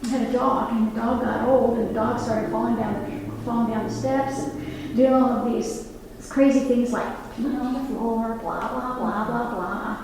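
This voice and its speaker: Her voice is a little high, steady, a little slow and darkish as this nurse, over sixty-five, earnestly addresses an audience in a library meeting room. She engages the room with asides and questions, recorded from afar in an echoey space with slight hiss or hum.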